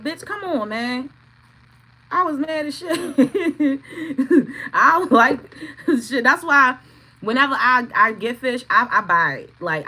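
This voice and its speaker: A woman's voice: on the high side, sharp tone, low-quality recording. A middle-aged woman, telling a profane, blunt story on a casual livestream and greeting chat viewers by name. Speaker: tarot reader streaming live.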